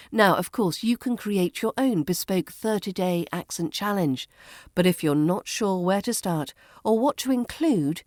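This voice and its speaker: Crisp RP woman coaching accents. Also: fairly low pitch, darkish tone, no echo, studio quality. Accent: southern English RP. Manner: crisp, measured, instructive delivery. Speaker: accent coach and podcast host. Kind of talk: scripted accent lesson.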